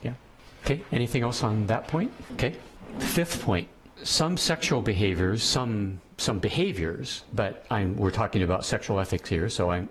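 A man's voice: on the low side, animated, normal speed, a little hiss or hum. A man teaching a class, lecturing on ethics and thinking aloud as he goes, often restarting his sentences.

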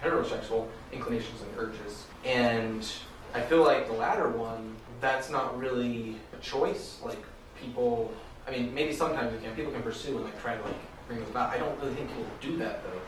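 A man's voice: medium pitch, fairly quick. Distant man in an echoey classroom. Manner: hesitant, filler-heavy. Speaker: student. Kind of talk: classroom discussion. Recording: distant mic in echoey room with noise.

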